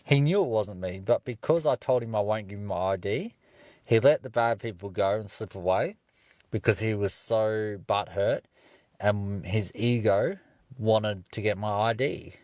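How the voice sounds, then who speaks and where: A man's voice: on the low side, measured pace, dry recording. A young man telling a story casually and with plenty of swearing on a livestream from his parked car. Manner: profane, animated storyteller.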